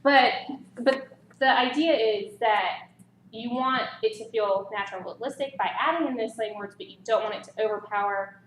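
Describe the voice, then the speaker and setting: A woman presenting a writing workshop in a casual, chatty way, animated with light laughs. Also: a little high, normal speed. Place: library meeting room. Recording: roomy echo, faint background noise.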